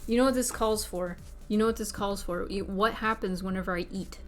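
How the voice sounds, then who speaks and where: A woman streamer in casual livestream chat, chatty and excitable, talking while eating. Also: medium pitch, fairly quick. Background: faint background music.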